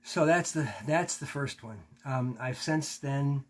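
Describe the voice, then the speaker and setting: A man's voice: mid-range voice, takes it slowly. A man teaching a class, telling a personal story candidly, swearing and acting out what he said back then. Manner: candid, swearing, acts out his own quotes. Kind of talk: storytelling in a lecture.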